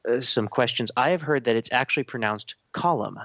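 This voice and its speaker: A man's voice: mid-range voice, brisk, fairly bright tone, dry recording, muffled recording. A man with an Irish accent hosting a casual podcast chat, talkative and self-deprecating. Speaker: podcast host.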